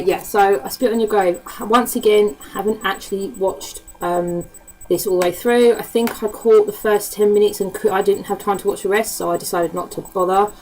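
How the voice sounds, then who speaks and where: A woman with a Cockney accent talks casually to camera in an easygoing, rambling way. She swears freely and fills her talk with ums and little asides. Her voice sits in a middle pitch. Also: a little mellow, a little hiss or hum, poor audio. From East End of London. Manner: chatty and swears freely, with frequent laughs and fillers. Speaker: vlogger. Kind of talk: casual chat.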